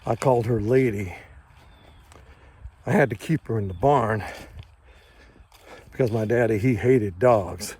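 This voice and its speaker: An older man telling a first-person story in a slow, measured, plainspoken and folksy way. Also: fairly low pitch, darkish tone, husky.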